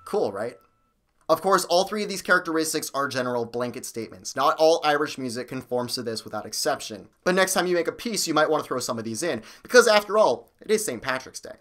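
Male music teacher and host, a bit high-pitched, upbeat, lively lesson delivery. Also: fast talker.

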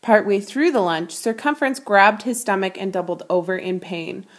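A woman's voice: medium pitch, normal speed. A woman teacher reading a children's picture book aloud and explaining math concepts with patient clarity.

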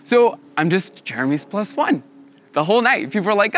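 A young man telling a personal story in a lively way, laughing often and acting out the voices of others. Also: high voice, normal speed.

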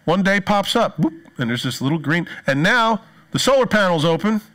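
A pastor delivers his sermon in a slightly high-pitched male voice. He tells stories with animation, acting out the voices of the people he quotes. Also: expressive, moderate pace, a bit bright.

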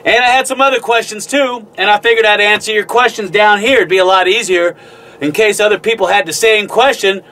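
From inside a narrow mine tunnel, a man hosts a casual show-and-tell vlog as a gold prospector. His high voice is steady, a little fast, pushed and bright, and he's folksy and jokey, letting out whooping exclamations.

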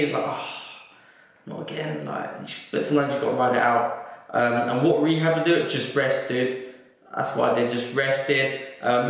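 A young man answering viewers' questions in a casual, joking vlog. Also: mid-range voice. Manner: chatty, joking, swears casually. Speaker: vlogger and fitness coach. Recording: very echoey room.

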